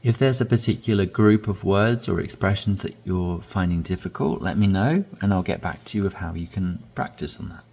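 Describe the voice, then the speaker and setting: A man teaching English conversation, modeling phrases slowly with deliberately stressed inflection. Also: sits low, darkish tone. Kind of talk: language lesson, reading dialogue aloud.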